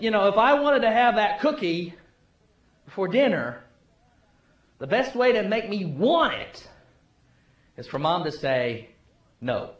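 A male pastor preaching a sermon, telling the story with swings from loud to hushed. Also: sits high, echoey room.

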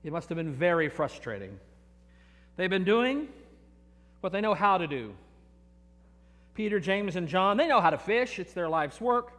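A man's voice: sits high, very animated, moderate pace, long pauses, a bit bright, long reverb tail. A man preaching a sermon, telling stories in an earnest way and often repeating his words. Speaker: pastor.

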